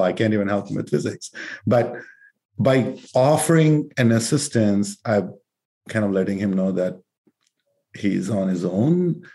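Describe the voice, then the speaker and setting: A man hosting a conversational interview, relaxed and joking as he tells a personal story. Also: on the low side. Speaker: interview host.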